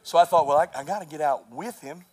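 A man preaching a sermon as pastor, rising to shouts and telling stories with laughter. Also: fairly high pitch, fast talker.

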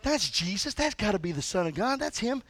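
A man's voice: extremely high pitch, very animated, normal speed, fairly bright tone, full character voice. A man voicing a bewildered male disciple who talks in slangy, incredulous asides. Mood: doubtful.

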